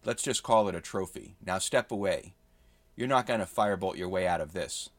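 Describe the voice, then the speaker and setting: A man's voice: low voice, normal speed, no echo, close to an everyday voice. A man voicing a menacing male renegade warrior who threatens and snarls as he holds a hostage. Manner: threatening, snarky, increasingly furious.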